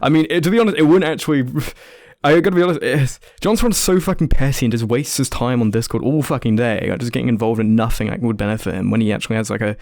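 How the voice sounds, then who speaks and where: A man's voice: mid-range voice, quick pace, darkish tone, no echo. A man in casual podcast chat, blunt and swearing often.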